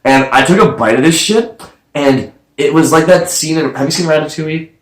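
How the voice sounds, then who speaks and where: A young man from Canada telling a story in casual chat, animated and swearing freely. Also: on the high side, a little fast, roomy sound, rough recording. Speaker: podcast guest.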